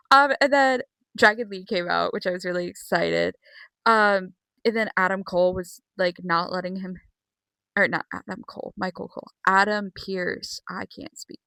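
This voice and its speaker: A girl rambling through an excited, sweary recap vlog with many fillers. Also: mid-range voice, normal speed, no room sound. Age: young. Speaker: vlogger.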